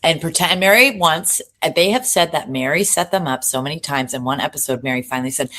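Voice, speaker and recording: A woman with an unusually deep voice co-hosting a casual recap podcast. She talks animatedly, with profanity and quick asides, often breaking off mid-thought. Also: lively intonation, sharp tone. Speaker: podcast co-host. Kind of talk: casual pop culture recap.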